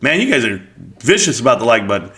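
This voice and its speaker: A man's voice: medium pitch, sing-song, fast talker, fairly bright tone. A man hosting a live stream, chatting casually and reading viewer comments aloud with joking banter and frequent laughs.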